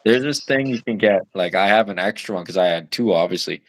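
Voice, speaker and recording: A man's voice: low-pitched, expressive, a little fast, no room sound. A young man in his twenties, a new father of twins, chatting loosely on a podcast with lots of fillers and the odd curse. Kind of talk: casual chat.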